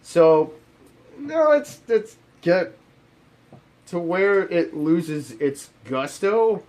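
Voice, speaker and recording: Male game reviewer, fairly high pitch, animated sarcastic rant. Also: extremely slow.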